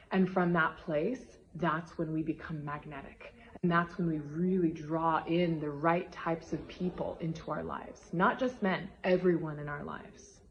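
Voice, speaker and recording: A woman's voice: on the low side, dull audio, a little hiss or hum. A woman love coach talking to her audience in a motivational vlog, emphatic and gushing, tagging her points with "right?".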